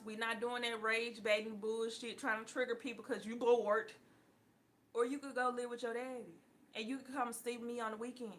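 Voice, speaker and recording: Woman in her 30s ranting to her viewers, bright voice a bit high, cusses a lot, laughs and gets loud. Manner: blunt, profane, laughs often, bursts loud. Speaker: tarot reader and vlogger. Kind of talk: casual talk to viewers.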